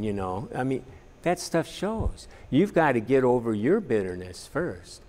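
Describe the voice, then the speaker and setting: A man's voice: on the low side, very animated, moderate pace, a little mellow, big-room sound. A man teaching a practical church class in an earnest, plainspoken way, with frequent fillers. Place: church meeting room.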